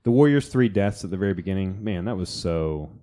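Man, podcast co-host, mellow dark tone, animated, jumps into silly quote voices. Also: low voice, fairly quick. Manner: animated storyteller, acts out quotes in funny voices. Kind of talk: casual chat.

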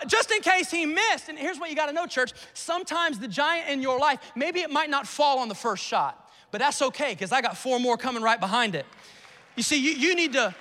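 A man's voice: very high voice, sharp tone, in a large hall. A male pastor preaching a conversational sermon to his church, often repeating words and calling out to the congregation. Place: church sanctuary.

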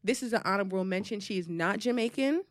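A woman's voice: medium pitch, fast, no room sound, clean studio sound. A woman co-hosting a podcast in casual chat, jumping in and talking over her partner. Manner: interjecting, hyped, talks over her co-host. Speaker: podcast co-host.

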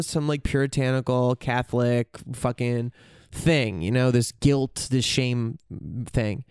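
A man's voice: mid-range voice, fairly even intonation, slow pace, darkish tone, clean tone, no room sound, clean studio sound. A man in a candid, reflective monologue, swearing freely and searching for his words as he goes.

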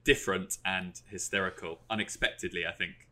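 A man's voice: low voice, fairly even intonation, fairly quick, pushed and bright. An English man co-hosting a podcast, dry and teasing with short interjections. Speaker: podcast co-host. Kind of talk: casual chat.

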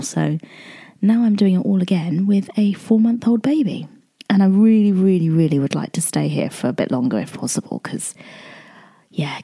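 Mellow-voiced woman chatting emotionally. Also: fairly low pitch. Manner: emotional, rambling, many fillers and restarts. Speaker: podcast host. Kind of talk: casual personal chat.

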